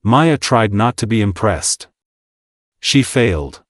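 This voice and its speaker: A man's voice: fairly low pitch, expressive, slow, dry recording, clean studio sound. A man narrating a scripted sci-fi story with a wry, sardonic delivery.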